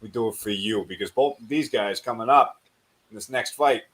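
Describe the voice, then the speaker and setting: A man co-hosting a fight show and recapping bouts in a steady, measured casual way. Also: fairly low pitch, poor audio. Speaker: co-host and fight commentator.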